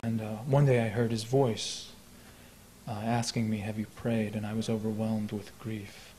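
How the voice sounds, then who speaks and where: A man giving a poetry reading at a live event, talking in a halting, reflective way with many fillers and restarts, then reciting his verse in a slow, measured voice. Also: fairly low pitch, level tone, mellow. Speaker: poet. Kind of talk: poetry reading with spoken introduction. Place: lecture hall at a live event.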